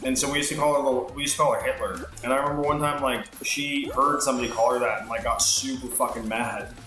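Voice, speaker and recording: A man rambles through a story while he plays, with heavy swearing and many fillers. His voice is bright, and the recording sounds roomy with echo. Faint game music plays underneath. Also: mid-range voice, fairly even intonation, racing. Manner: rambling, heavily profane, filler-laden. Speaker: streamer. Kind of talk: casual storytelling while gaming.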